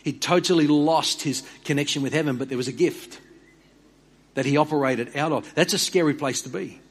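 An earnest man preaching a sermon, repeating and restarting words and dropping quiet for emphasis. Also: a little high, brisk. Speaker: pastor.

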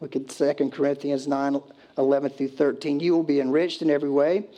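A man preaching to his church in a relaxed, conversational sermon. His voice sits a little high, and he slips into pleading voices when acting out a scene. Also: fairly quick, lo-fi sound. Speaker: pastor.

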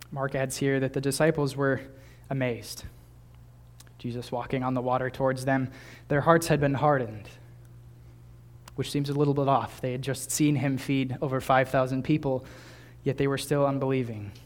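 A man's voice: medium pitch, steady tone, moderate pace. A young man in his twenties preaching a sermon in a conversational way, with small laughs and restarts. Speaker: pastor.

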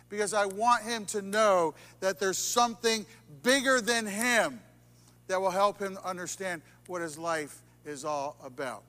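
A man preaching in a high register, swinging from ringing, emphatic lines down to hushed near-whispers. His voice carries a long reverberation off the walls of a large church hall. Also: unhurried. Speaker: pastor. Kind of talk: sermon. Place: church sanctuary.

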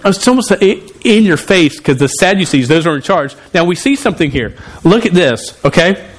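A man preaching a sermon in a conversational way, often restarting and repeating words. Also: a little high. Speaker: pastor.

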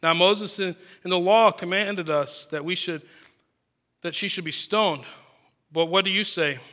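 A man's voice: high voice, a little slow, pushed and bright. A man preaching a sermon, reading scripture verses aloud and explaining them earnestly.

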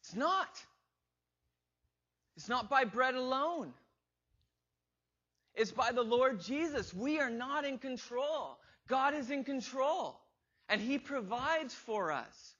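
High-voiced man preaching a sermon. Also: animated, slow, sharp tone. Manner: conversational, asks the congregation questions; acts out quoted inner voices with rising emphasis. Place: church. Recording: slightly dull lo-fi recording.

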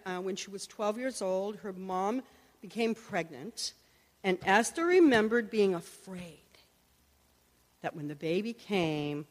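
Woman preaching in an echoey hall. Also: medium pitch. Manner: earnest storytelling, acts out quoted voices. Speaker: Christian teacher and prayer minister. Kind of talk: sermon with personal stories. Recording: long echoey hall reverb.

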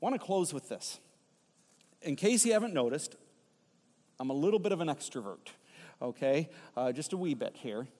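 A middle-aged pastor delivers his sermon with animated, playful storytelling and teasing asides to the congregation. His voice sits a little high for a man. The sound rings with the long reverb of a church sanctuary. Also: moderate pace, pauses often.

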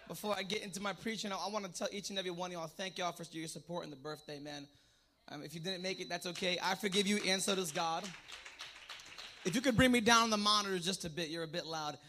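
A male preacher of Puerto Rican background delivers a fervent call-and-response sermon, moving from quiet asides to shouted exhortations. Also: high voice, fast talker, a little hiss or hum.

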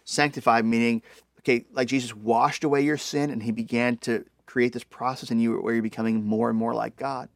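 A man preaching a sermon in a conversational, animated way, full of casual fillers. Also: medium pitch, fairly quick, dry recording, clean studio sound. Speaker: pastor.

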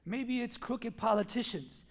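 Very high-voiced man preaching a sermon. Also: unhurried, gravelly. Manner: emphatic, asks the crowd questions, acts out quotes.

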